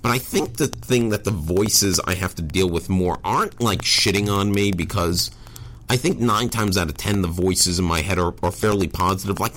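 A man's voice: low voice, normal speed, fairly bright tone, slight background noise. A man as a podcast guest, talking casually and candidly, rambling with many fillers and self-corrections. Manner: rambling, self-deprecating, frequent "like". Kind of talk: casual conversation.

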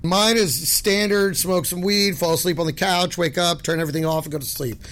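A loud, excitable middle-aged man telling animated stories as a guest, laughing as he goes. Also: high-pitched, brisk. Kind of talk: animated storytelling.

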